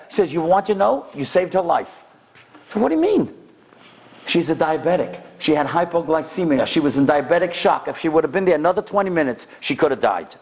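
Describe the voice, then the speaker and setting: Animated high-voiced rabbi telling stories. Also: male voice. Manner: animated, acts out the people in his stories with big jumps in pitch and loudness. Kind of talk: sermon storytelling.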